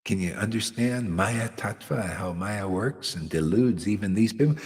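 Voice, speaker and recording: A man's voice: fairly low pitch, normal speed, hardly any pauses, long reverb tail. A man, a spiritual teacher, telling stories in a dramatic, scolding and mocking way. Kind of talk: animated storytelling talk.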